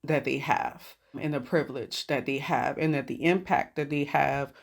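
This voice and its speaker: Measured woman physician guest. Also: very deep voice, creaky. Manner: measured, explanatory. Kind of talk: intimate conversation.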